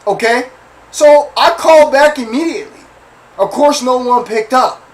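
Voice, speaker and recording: A man with a high-pitched voice hosts a casual talk show, telling a personal story straight to his listeners. He talks in a chatty, slangy way and keeps checking in with them. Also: normal speed, rough recording. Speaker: host.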